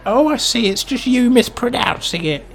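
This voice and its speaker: A man voicing a demanding, posh woman diner in an improvised radio play, in a high put-on voice. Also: expressive, normal speed, gravelly, exaggerated voice. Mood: snooty.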